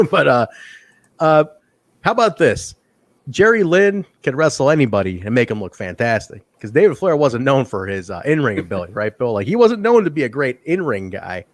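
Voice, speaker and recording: He has a mid-range voice, very animated, at normal speed with no echo. This man hosts a podcast where he casually and enthusiastically reviews old wrestling shows, repeatedly restarting his thoughts.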